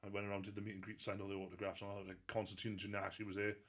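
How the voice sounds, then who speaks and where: A man's voice: lowish voice, completely flat delivery, very fast, fairly bright tone. A Welsh man telling stories in a casual interview, laughing and swearing freely. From Wales. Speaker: guest strongman athlete.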